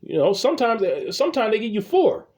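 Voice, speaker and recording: A man's voice: high-pitched, big pitch swings, fairly quick, a little mellow. A man telling comic stories in a casual, rambling rant, swearing and stumbling over repeated words. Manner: rambling, profane, repeats words when starting. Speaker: comedy vlogger. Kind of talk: casual ranting storytelling.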